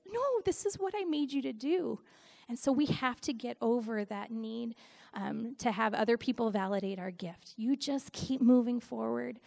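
A middle-aged woman giving a conversational sermon, telling stories in an animated way with frequent laughs. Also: a little high, creaky. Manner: animated storytelling, laughs often. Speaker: Christian speaker and worship leader.

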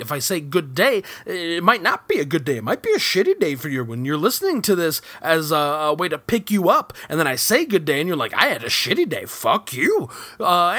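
A man's voice: a little high, pushed and bright, no echo. A man hosting a podcast alone from his home kitchen setup, rambling and self-mocking with casual profanity. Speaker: podcast host. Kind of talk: solo rambling podcast aside.

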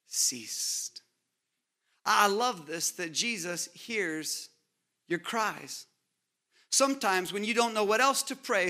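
A man preaching a sermon as pastor, with dramatic pauses and repeated rhetorical buildups, dropping to a hush on scripture quotes. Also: high-pitched.

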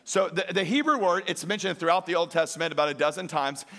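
High-voiced emphatic pastor. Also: male voice, fast. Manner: emphatic, rises to near-shouting peaks and drops to quiet asides; jokes with the congregation. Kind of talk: sermon.

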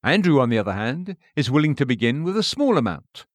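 A man reading an old sermon in an earnest, measured way. His pitch rises and falls in a lively, expressive line. The sound is close and dry, with no room around it. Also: no echo. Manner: measured, earnest, rhetorical questions. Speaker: preacher. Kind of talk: read-aloud sermon.

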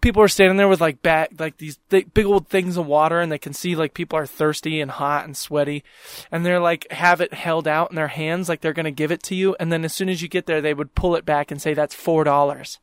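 A young man rants through a solo podcast, exasperated and swearing at every turn, his voice sitting a little high for a man. The sound is close and dry, with no room around it. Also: fairly even intonation, fairly quick, clear, resonant tone, no echo. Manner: exasperated, swears constantly, mocks people in quoted voices. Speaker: podcast host. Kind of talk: profane ranting monologue.

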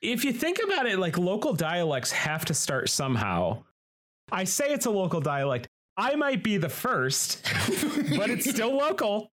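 A goofy man with a West Central Illinois accent banters as a podcast co-host. His pitch swings widely and playfully as he jokes. He sounds loose and unbothered. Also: huge pitch swings, measured pace, fairly bright tone. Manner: goofy, jokey.

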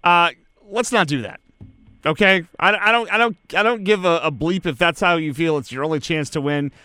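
A man co-hosting a casual sports talk show, animated and emphatic, quick to rant and to laugh. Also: fairly high pitch, clear, resonant tone, no room sound.

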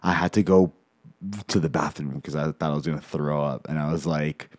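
Deep-voiced laid-back man. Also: steady tone, brisk, a little mellow, dry recording. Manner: laid-back, laughing, crude jokes. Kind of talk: casual chat.

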